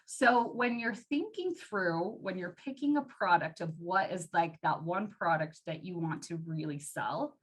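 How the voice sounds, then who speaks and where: Speaking a little slowly with hardly any pauses, a woman with a lowish, lively voice delivers an informal sales training talk as the team trainer. Her style is chatty and packed with "like," and she imitates customers as she goes.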